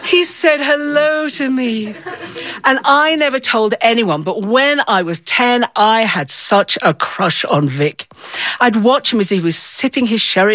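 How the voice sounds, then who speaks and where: A woman's voice: a little high, lively intonation, unhurried, a bit bright, dry recording. A woman telling a personal story to an audience, acting out the voices of the people in it. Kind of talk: live storytelling performance.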